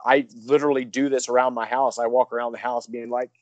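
A man, a professional wrestler, telling a story in an interview, rambling excitedly with many restarts. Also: medium pitch, fast, no room sound, muffled recording.

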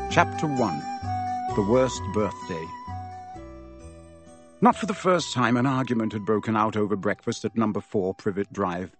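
A man giving an expressive, measured audiobook narration, close to the mic. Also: on the low side, music in the background. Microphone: close studio mic.

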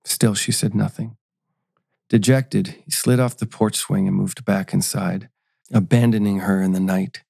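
Man reading a story, low and gravelly, mellow dark tone, dry close mic. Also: fairly even intonation, no room sound. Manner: measured, storytelling. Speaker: narrator. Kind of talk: scripted narration.

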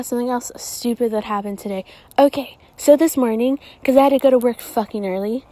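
A woman's voice: on the high side, no echo. A young woman hosting a podcast, delivering a casual, profane and exasperated rant. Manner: profane, exasperated, animated ranting. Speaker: podcast host.

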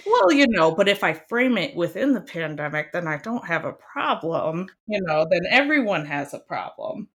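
A young woman from Iowa chatting casually as a guest, animated and emphatic, often laughing. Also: on the low side, normal speed, hardly any pauses. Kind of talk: casual chat.

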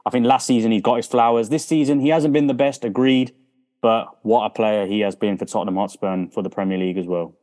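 A man's voice: on the low side, steady tone, quick pace, darkish tone. Enthusiastic male podcast guest. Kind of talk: casual podcast chat.

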